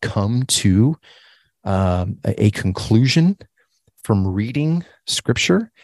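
A man co-hosting a casual Bible study discussion, enthusiastic and animated, often repeating his agreement. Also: lowish voice, slow pace, dry recording, clean studio sound.

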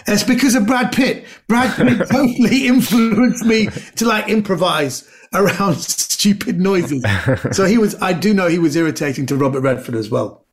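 Man, gravelly voice, a bit higher than usual, animated anecdotes, middle-aged, from Britain. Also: moderate pace. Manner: animated storyteller, acts out voices, frequent restarts. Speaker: comedian and actor guest. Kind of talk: casual anecdotal chat.

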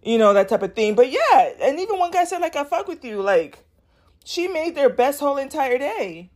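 A woman's voice: high-pitched, big pitch swings, moderate pace, a little mellow. A woman hosting a casual solo podcast, talking candidly and bluntly in a rambling way, with many filler words. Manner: blunt and sassy. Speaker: podcast host.

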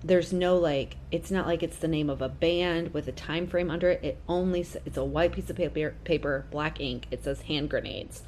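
A woman's voice: deep voice, moderate pace, hardly any pauses, a little hiss or hum. A woman co-hosting a podcast, chatting casually and pointing out small details she noticed. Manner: animated, detail-focused asides. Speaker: podcast co-host. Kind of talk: casual recap chat.

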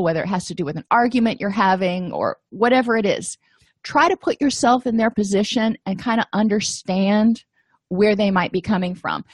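A woman's voice: medium pitch, dry recording. Conversational woman lecturing, dry sound. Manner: conversational, matter-of-fact, with asides and fillers. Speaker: counseling instructor. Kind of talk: recorded lecture.

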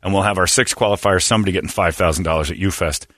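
A man hosting a morning radio show, telling stories and reacting loudly with lots of laughter. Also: deep voice, very fast, no echo, clean studio sound. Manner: loud exclamations, laughing, animated storytelling. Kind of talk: casual radio banter and storytelling. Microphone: studio mic.

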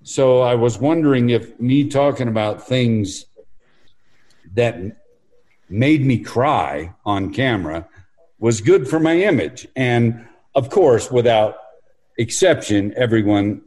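A man's voice: medium pitch, animated, slow, a little mellow, low-quality recording. A man answering interview questions in an earnest, reflective way. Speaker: interview guest. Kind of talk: casual interview.

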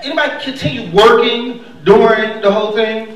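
A man's voice: a little fast, very noisy. A young man performing a stand-up comedy set, acting out characters with big jumps in his voice. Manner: animated, acts out characters with big pitch jumps. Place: comedy club stage before a laughing crowd. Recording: echoey club audio, mic far off, crowd laughing. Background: audience laughter.

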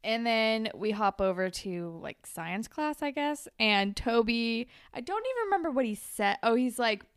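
A young woman chats through a show recap in a smooth, clear voice. The sound is dry and close, with no room around her. She talks loosely, swears freely and acts out the characters' lines. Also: a little high, very animated, moderate pace, no echo. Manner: chatty, swears, acts out quotes. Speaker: podcast co-host. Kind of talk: casual recap chat.

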